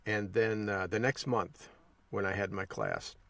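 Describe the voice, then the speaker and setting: A man's voice: on the low side, very animated, unhurried, vocal fry, a bit bright, dry recording, recorded from a distance. A man hosting a podcast, telling a folksy story in a casual monologue and chuckling along the way. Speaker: podcast host.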